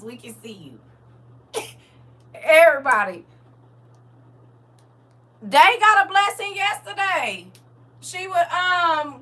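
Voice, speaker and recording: Reading out comments from her viewers, this woman keeps her livestream casual, her high voice sharply bright. She laughs a lot, talks in a lively, everyday way, and speaks straight to the audience with encouragement in a churchy style.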